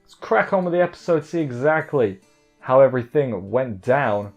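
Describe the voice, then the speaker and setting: A man recapping an anime episode in casual chat, joking and rambling with quick asides. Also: medium pitch, expressive, lo-fi sound, over loud music. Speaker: anime reviewer.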